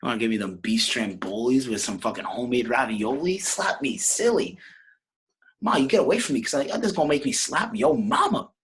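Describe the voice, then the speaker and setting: A man's voice: medium pitch, lively intonation, brisk, fairly bright tone, voice pushed up. A man voicing a brash, swearing young pizzeria worker who wheedles his mother for food. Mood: brash wheedling.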